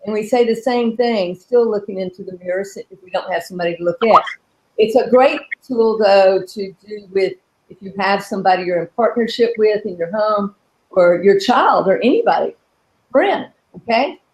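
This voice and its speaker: A woman's voice: medium pitch, moderate pace, poor audio. A middle-aged woman hosting a live coaching session, talking earnestly and walking listeners through a repeated affirmation exercise. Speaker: coach and host. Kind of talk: live coaching webinar talk.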